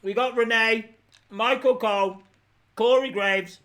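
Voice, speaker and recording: A man's voice: high voice, unhurried, long pauses, bright, forceful tone. A man hosting a live reaction stream, teary with a runny nose, talking in dramatic, exasperated outbursts.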